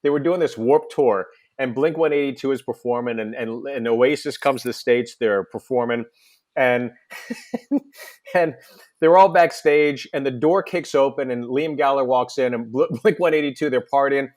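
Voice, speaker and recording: A man's voice: medium pitch, moderate pace, a little mellow. A man, a comedian guest, chatting on a podcast and telling rambling anecdotes. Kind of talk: casual podcast chat.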